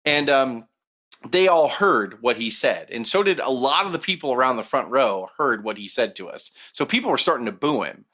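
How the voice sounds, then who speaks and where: Man, podcast co-host, casual profane storytelling, very lively pitch. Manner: animated, profane, joking.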